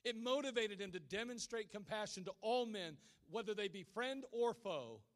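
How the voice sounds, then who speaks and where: A male preacher giving a sermon, telling a story dramatically and swinging from hushed lines to shouted ones. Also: high-pitched, lively intonation, moderate pace.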